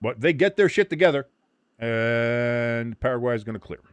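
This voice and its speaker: A man's voice: mid-range voice, moderate pace, smooth, no room sound, dull audio. A man from the United States hosting a casual watch-along stream, explaining the game and cracking profane jokes. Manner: profane, joking, animated. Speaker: host.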